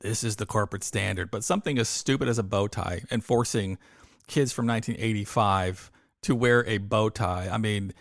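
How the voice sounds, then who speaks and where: Telling stories in relaxed conversation, a lower-voiced podcast co-host speaks at normal speed with a creaky voice. He's lively and performs quoted voices, captured in a dry, studio-quality recording.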